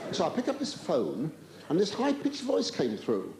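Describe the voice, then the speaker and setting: An older man doing live stand-up comedy in a large theatre, camp and rambling, with drawn-out exclamations and stammering asides. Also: sits high, huge pitch swings, a little mellow, some chatter behind. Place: large theatre stage with an audience. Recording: roomy live theatre recording with audience noise.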